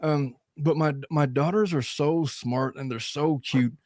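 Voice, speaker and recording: A man in his thirties hosting a casual podcast chat, blunt and animated, swearing freely. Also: a little high, a little slow, dry recording, studio quality. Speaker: lawyer and channel host.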